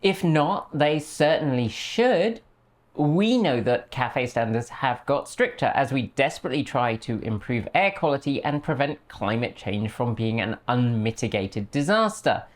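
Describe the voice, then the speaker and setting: Woman, low voice, lively swinging intonation, sarcastic commentary host, dry mockery. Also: measured pace. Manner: sarcastic, dryly mocking. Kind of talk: commentary video.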